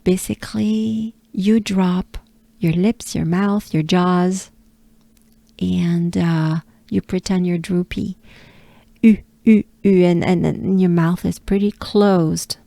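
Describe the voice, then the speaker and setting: A French-accented woman coaches pronunciation at a very unhurried pace, repeating each sound patiently and reminding you to breathe. Her voice is soft and mellow, and the recording is close and dry with no room sound. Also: on the low side, fairly even intonation, vocal fry, no echo. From France. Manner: patient, drawn-out repetitions with breathing cues. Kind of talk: slow pronunciation lesson with drills.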